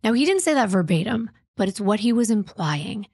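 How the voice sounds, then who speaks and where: A woman's voice: mid-range voice, very animated, a little fast, a little mellow, husky, dry recording, studio quality. Casual woman narrating true crime. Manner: conversational, acts out quotes, comments frankly. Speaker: podcast host.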